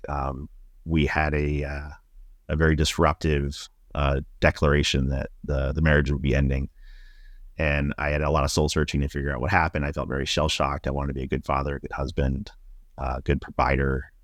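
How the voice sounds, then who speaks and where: Middle-aged guy with a super low voice, thoughtful, lots of ums, dry close sound. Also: dry recording. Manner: reflective, halting, with many fillers. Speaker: podcast guest. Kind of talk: personal storytelling in an interview.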